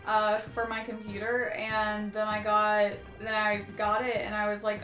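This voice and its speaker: A woman chatting casually alongside a let's play, telling animated stories and teasing her partner. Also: medium pitch, unhurried, hardly any pauses. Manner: animated storytelling, playful teasing. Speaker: co-player. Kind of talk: casual chat. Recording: echoey room. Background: faint game music.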